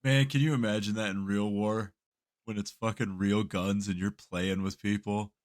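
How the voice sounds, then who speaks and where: A man's voice: lowish voice, steady tone, moderate pace. A man co-hosting a podcast in a laid-back, profane casual chat, chuckling between remarks. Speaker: podcast co-host.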